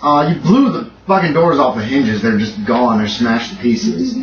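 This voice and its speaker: A man's voice: mid-range voice, sing-song, moderate pace. A man narrating as game master in a tabletop horror game, describing scenes in a loose, casual way. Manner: loose, casual descriptions with frequent ums and laughs. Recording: dull, roomy recording from a distant mic with faint noise.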